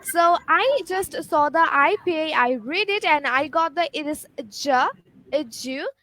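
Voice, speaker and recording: A woman with a high voice explains pronunciation as a guest on a live show. She speaks in a lively, emphatic way. Her audio sounds dry and close, coming through a video call. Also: unhurried, no echo, poor audio.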